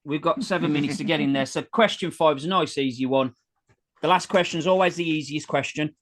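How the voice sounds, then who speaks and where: A man's voice: on the high side, brisk, a bit bright. A man co-hosting a casual podcast, teasing his co-host while he asks quiz questions and reels off facts. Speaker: co-host and quizmaster.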